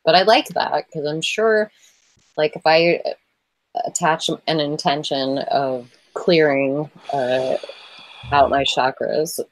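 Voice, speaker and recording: A woman's voice: deep voice, takes it slowly, no echo, rough recording. A woman calling into a video webinar, speaking candidly and emotionally with nervous laughs. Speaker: caller. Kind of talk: casual group video chat. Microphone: video call.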